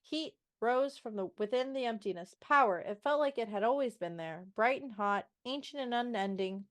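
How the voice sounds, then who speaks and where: A woman co-hosting a book podcast in casual chat, sassy and swearing freely as she mocks the characters and reads passages aloud. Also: fairly high pitch. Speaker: podcast co-host.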